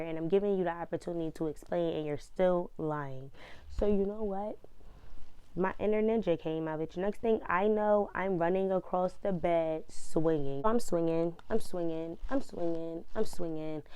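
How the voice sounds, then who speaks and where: A woman, casually telling a personal story in an animated, fired-up way full of slang. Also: on the low side, normal speed, clear, resonant tone, no echo.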